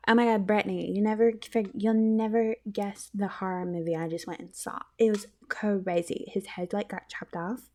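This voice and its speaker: A woman's voice: mid-range voice, fairly even intonation, normal speed, hardly any pauses, darkish tone, lightly acted. A woman voicing a young valley girl breathlessly gushing gossip to a friend.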